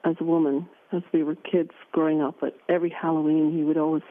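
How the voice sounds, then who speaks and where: A woman speaks as a guest in a radio interview, thoughtful and unhurried, with frequent pauses. Her voice sits a little low for a woman. The sound is narrow and tinny, like a phone line. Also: little pitch movement. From Scotland. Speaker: interview guest, drag king performer.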